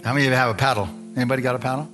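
A middle-aged man delivers a sermon, moving from a personal story to scripture. He keeps checking in with his listeners through short questions, and steady guitar music plays under his voice the whole way. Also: mid-range voice, rapid-fire. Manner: storytelling preacher, asks the congregation questions. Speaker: pastor.

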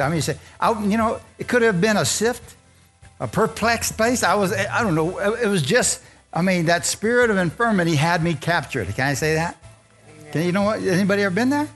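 A man's voice: high-pitched, lively intonation, a little fast, fairly bright tone, faint music behind. An older man preaching a fervent sermon and leading his congregation in call-and-response and prayer. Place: church service.

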